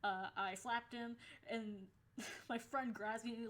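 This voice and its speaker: Young woman, vlogger, mid-pitched, animated and foul-mouthed in a casual storytime. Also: measured pace. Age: young adult. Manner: animated, swears freely, acts out quoted lines.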